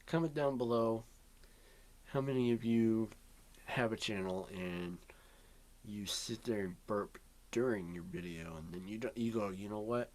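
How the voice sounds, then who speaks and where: A man's voice: fairly low pitch, a little slow, pauses often, darkish tone. Rambling young man in a bedroom vlog. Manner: rambling, drifting, many ums and yawns. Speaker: vlogger. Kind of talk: rambling casual vlog chat. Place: bedroom at home.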